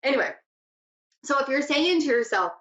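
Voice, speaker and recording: Here the psychic radio host speaks at normal speed in a high, expressive, fairly bright voice. Her casual teaching is chatty, full of easy laughter, and prone to wandering off topic, with echoey lo-fi room sound.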